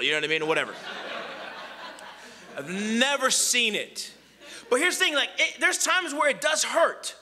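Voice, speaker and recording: Lively high-voiced bright male preacher. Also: normal speed, long pauses. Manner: animated, conversational, acts out quoted voices. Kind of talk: sermon.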